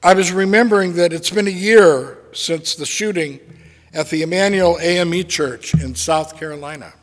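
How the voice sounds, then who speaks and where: A man preaching a sermon as a pastor, slow and deliberate with dramatic pauses. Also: on the high side, in a large hall.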